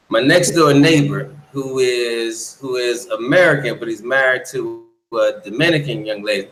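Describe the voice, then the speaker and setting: Blunt, bright-voiced man in an echoey room. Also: medium pitch. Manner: blunt, profane storytelling. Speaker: guest. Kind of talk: casual chat. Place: lives in the Dominican Republic.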